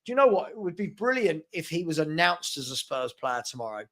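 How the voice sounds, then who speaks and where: A man's voice: on the high side, sing-song, fairly quick, a bit bright. A man hosting a casual live fan chat, thanking viewers by name and answering the chat. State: hiccups. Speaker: fan channel host.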